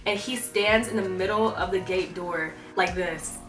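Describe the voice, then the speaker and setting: A teenage girl, telling an animated storytime rant, full of fillers and swinging into voices for the people she quotes. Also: on the low side, unhurried. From South Carolina. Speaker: vlogger. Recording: echoey, voice a bit far from the mic, faint music.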